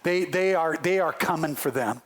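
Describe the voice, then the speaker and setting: A male pastor preaching a sermon, telling a story with lively acted-out voices on a church livestream. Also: fairly high pitch, normal speed, slight background noise.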